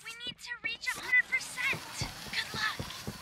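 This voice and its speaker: A woman's voice: very high-pitched, flat delivery, measured pace, sharp tone, slight background noise, exaggerated voice, low-quality recording. A voice actress playing a woman who urgently gives instructions over a radio in a game. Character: urgent adult woman giving orders by radio. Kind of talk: scripted game dialogue.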